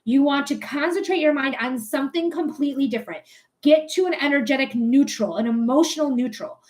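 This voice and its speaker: A woman's voice: sits high, lively intonation, a little fast, a little mellow. A young woman giving a live psychic reading in a chatty, blunt way, swearing casually. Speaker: psychic reader.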